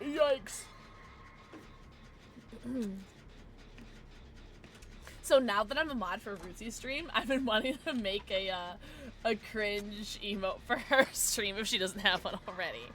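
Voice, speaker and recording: A tipsy woman livestreaming a game, chatting casually with her viewers, giggling and breaking into loud squeals and shouts. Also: mid-range voice, takes it slowly, long pauses. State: tipsy from drinking. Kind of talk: casual livestream chat while gaming.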